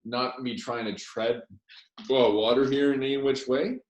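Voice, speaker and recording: A man's voice: mid-range voice, fairly even intonation, a little slow. Male podcast co-host, casual hockey chat, opinionated rambler, echoey room. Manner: rambling, opinionated, trails off mid-sentence.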